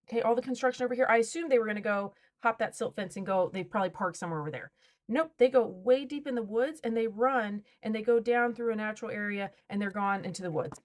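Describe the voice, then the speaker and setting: Loud, exasperated woman ranting on camera. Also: on the high side, quick pace. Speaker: vlogger. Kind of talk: animated storytime rant.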